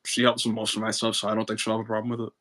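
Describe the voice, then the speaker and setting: A young man hosting a casual livestream chat, animated and joking, with quick protests. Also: on the low side. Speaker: livestream host and voice actor.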